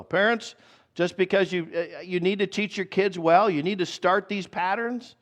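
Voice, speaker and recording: A pastor preaching a sermon in a conversational style, slowing down to repeat key phrases. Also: male voice, high-pitched, fairly bright tone.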